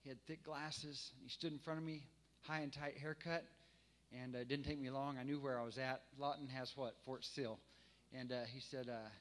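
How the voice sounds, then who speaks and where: A man's voice: mid-range voice, fairly even intonation, moderate pace. A man who leads worship, preaching a sermon in a conversational storytelling way, with many fillers and restarts, building to emphatic preaching. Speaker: worship leader and guest preacher.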